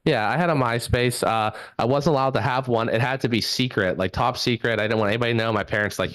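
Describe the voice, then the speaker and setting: A man's voice: mid-range voice, brisk, fairly bright tone, no echo. Self-deprecating stand-up guy on a laptop. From southwestern Pennsylvania. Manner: rambling, self-deprecating, many uh fillers. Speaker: stand-up comedian. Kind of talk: stand-up set.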